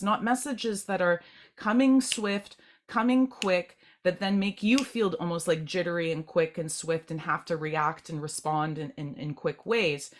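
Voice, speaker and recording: Gentle low-voiced woman giving a tarot reading. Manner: meandering, halting, repeats words, gentle. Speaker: tarot reader. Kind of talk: channeled group tarot reading.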